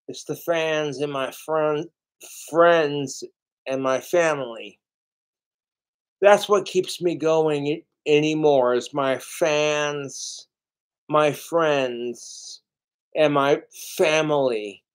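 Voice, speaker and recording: Slow, cursing man rambling on a livestream. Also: on the high side.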